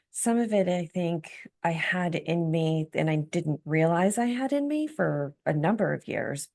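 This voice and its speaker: A woman with a low, gravelly voice tells her own recovery story in a candid interview. She speaks earnestly and reflectively, with a spiritual note. The tone is steady and heartfelt. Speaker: guest, empowerment coach.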